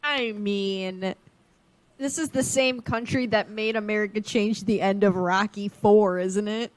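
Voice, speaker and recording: A young woman co-hosting a podcast, chatting casually with animated, self-mocking quips. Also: medium pitch, unhurried, no room sound. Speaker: podcast co-host. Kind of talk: casual chat.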